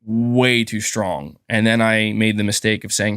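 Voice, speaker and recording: A man's voice: fairly low pitch, steady tone, a little slow, a bit bright, clean tone, no room sound, studio quality. A man hosting a casual gaming livestream, rambling and thanking viewers, with a sore throat. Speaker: gaming channel host.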